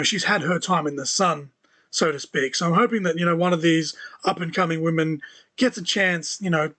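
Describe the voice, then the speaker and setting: A man's voice: fairly high pitch, a bit bright. Chatty man hosting a solo podcast. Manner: conversational, many "you know" fillers, dry sarcastic asides. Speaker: podcast host. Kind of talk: solo wrestling news podcast.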